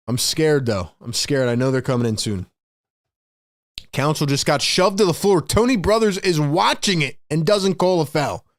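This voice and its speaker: A man hosting a fan livestream, calling play-by-play in excitable, frustrated, slangy talk. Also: fairly high pitch, normal speed, dry recording, studio quality. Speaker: host and play-by-play commentator.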